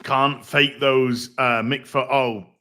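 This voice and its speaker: A man's voice: medium pitch, flat delivery, slow pace, pushed and bright. A middle-aged man hosting a casual livestream, rambling, reading out donations and swearing freely. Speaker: livestream host.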